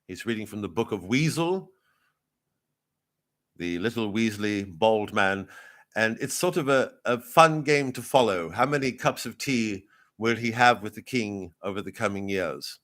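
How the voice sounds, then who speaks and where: A man riffing as a pompous royal correspondent in a rambling, deadpan, improvised satirical live commentary. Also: lowish voice, a little slow. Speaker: comedian in character as a royal correspondent.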